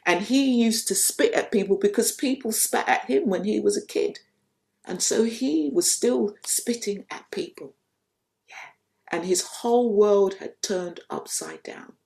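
Slow, soft-spoken woman teaching. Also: mid-range voice. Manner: soft-spoken, unhurried, repeats phrases for emphasis. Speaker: spiritual teacher. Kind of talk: reflective spiritual talk with storytelling.

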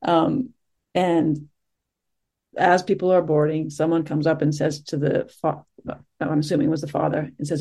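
A middle-aged meditation teacher giving a soft-spoken, reflective talk after a group sit, pausing often and searching for words. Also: mid-range voice, little pitch movement, gravelly. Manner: soft-spoken, gentle, searching, with many pauses and fillers.

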